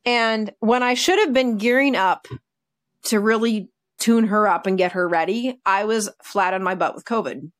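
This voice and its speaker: A woman dog trainer telling stories in a casual podcast chat, animated and full of fillers. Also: medium pitch, normal speed, no echo, clean studio sound. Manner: chatty, animated, with many fillers like "like" and "you know".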